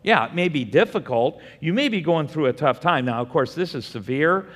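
A man's voice: on the high side, expressive, moderate pace, a bit bright. A man preaching a Bible study sermon, asking the room questions and answering them himself. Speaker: pastor teaching a Bible study. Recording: long hall reverb.

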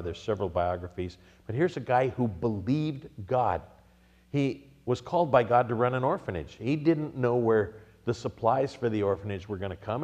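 A man's voice: on the low side, a little mellow, long reverb tail, lo-fi sound. A middle-aged American man preaching a sermon, telling stories and acting out quotes, rising to emphatic peaks. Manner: storytelling with acted-out quotes, building to emphatic peaks. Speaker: pastor.

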